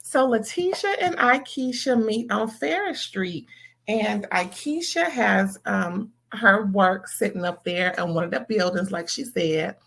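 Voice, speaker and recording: A woman's voice: medium pitch, expressive, measured pace, creaky, a bit bright. A woman from California putting on a Southern accent, giving chatty, sassy reality TV commentary to her viewers. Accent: Southern US, put on. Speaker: reality TV reviewer. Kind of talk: casual commentary vlog.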